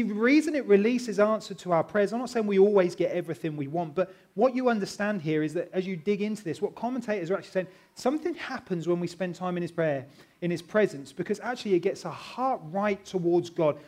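Earnest pastor, slightly high voice. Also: male voice. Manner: earnest, animated preaching with loud and soft swings. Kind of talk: sermon.

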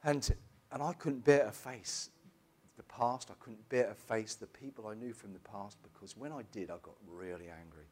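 A middle-aged man, telling his personal testimony in a church in an emotional, halting way with many restarts. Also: lowish voice. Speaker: church member giving testimony.

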